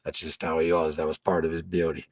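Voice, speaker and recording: A man's voice: very deep voice, level tone, fast talker, dry recording. A man hosting a fan channel in a casual late-night live stream chat, rambling along and swearing freely. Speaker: host of a fan tribute channel.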